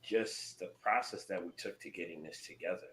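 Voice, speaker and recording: A man co-hosting a podcast, talking in an earnest, measured and thoughtful way in casual chat. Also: low-pitched, fairly bright tone, a little hiss or hum. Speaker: podcast co-host. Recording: roomy echo.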